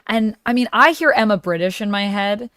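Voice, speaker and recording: A woman's voice: mid-range voice, animated, moderate pace, fairly bright tone, no room sound, clean studio sound. A woman hosting a livestream in casual, chatty talk, laughing easily as she goes. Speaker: livestream host. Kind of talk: casual chat.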